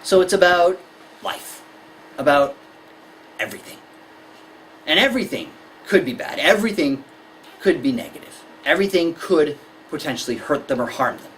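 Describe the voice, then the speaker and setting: A woman's voice: low-pitched, animated, normal speed, pauses often, a little hiss or hum, poor audio. A woman giving a conversational lecture to parents on anxiety in children, explaining with everyday examples. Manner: conversational, illustrates with examples and acted-out scenes.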